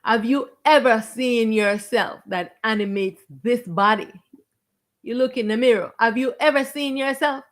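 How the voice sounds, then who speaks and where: A woman's voice: a little high, a little slow. A woman acting as a spiritual teacher, preaching to viewers on a live stream in an emphatic, confrontational way. She stretches out stressed words and repeats her phrases.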